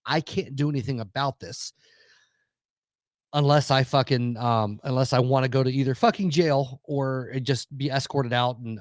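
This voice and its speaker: A man's voice: medium pitch, dry recording, studio quality. A man, telling a heated, profanity-laced story in casual podcast chat. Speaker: podcast co-host.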